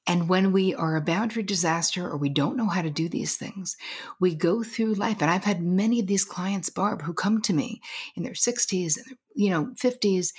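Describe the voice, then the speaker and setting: Husky low-voiced woman telling a story. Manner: earnest, emphatic, drops to a whisper for stress. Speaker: guest, boundaries coach. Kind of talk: personal storytelling in conversation.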